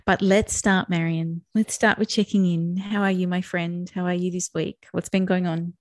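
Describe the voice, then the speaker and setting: On a podcast, a middle-aged woman co-host talks casually and reflectively about her emotions, warm and frequently laughing. Her lowish voice holds a level tone at a moderate pace. It's recorded in studio quality, with no room sound.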